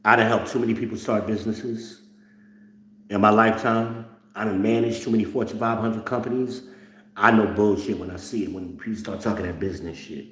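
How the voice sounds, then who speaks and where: A man's voice: lowish voice, steady tone, a little fast, a bit bright, echoey room. Blunt, profane middle-aged man ranting. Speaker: host. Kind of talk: ranting commentary.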